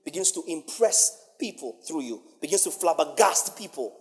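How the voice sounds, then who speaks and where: Booming animated man preaching in a hall. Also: normal speed. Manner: animated, swinging between booming and hushed. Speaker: pastor. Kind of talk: sermon.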